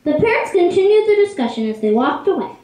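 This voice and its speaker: Lively, high-voiced woman narrator. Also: quick pace. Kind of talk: storybook narration. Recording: echoey room.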